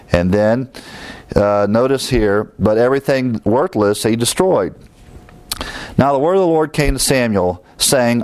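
A man's voice: medium pitch, a little mellow, no echo. A man leading an evening Bible study as pastor, reading passages aloud and breaking in with plain-spoken comments.

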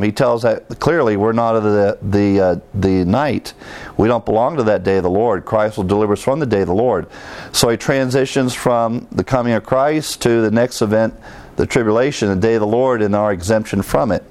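A man teaching a Bible lesson in a conversational way, with fillers and rhetorical questions to his listeners. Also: mid-range voice.

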